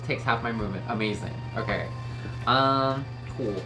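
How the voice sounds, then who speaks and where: A woman playing a tabletop game, speaking in a dry, halting way. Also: extremely low pitch, music in the background. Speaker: player.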